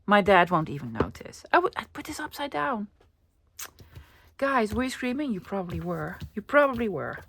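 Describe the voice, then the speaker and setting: A woman's voice: mid-range voice, sing-song, normal speed, gravelly, a little hiss or hum. A young woman chatting playfully to her viewers while she crafts, calling them love and dropping to a whisper now and then. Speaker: craft vlogger. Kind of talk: casual crafting vlog chat.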